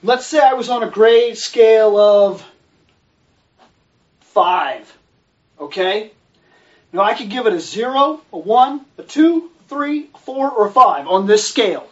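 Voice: mid-range voice, animated, a little slow, pauses often. Sarcastic, swearing movie reviewer. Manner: sarcastic, exasperated, heavy swearing. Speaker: film and book reviewer. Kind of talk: profane ranting review. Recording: distant, dull lo-fi recording.

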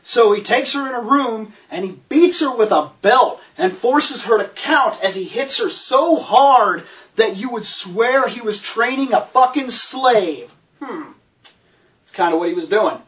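A sarcastic reviewer tears into a film, swearing constantly and breaking into incredulous outbursts. The voice sits in a middle pitch and sounds slightly distant from the microphone. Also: lively intonation, measured pace, a bit bright. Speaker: movie reviewer.

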